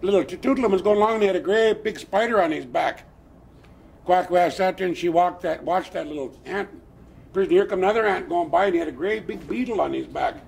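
An elderly man telling a traditional story to listeners in a plainspoken, lively way, with chuckling asides. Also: sits high, fast talker, creaky, breathy edge. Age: older.

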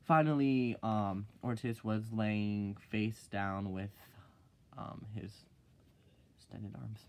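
A man's voice: steady tone, slow pace. Rambling teen boy vlogger. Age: teenager. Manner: rambling, swears, full of "like" and "freaking"; swings into loud high exclaims when mocking. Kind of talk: casual vlog chat.

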